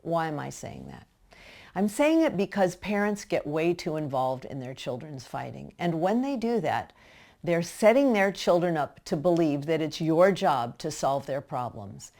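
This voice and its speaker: A woman with a notably low voice speaks straight to parents. Her advice is plainly practical, and her manner is direct and instructive. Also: big pitch swings, normal speed, a little mellow. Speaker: parenting educator.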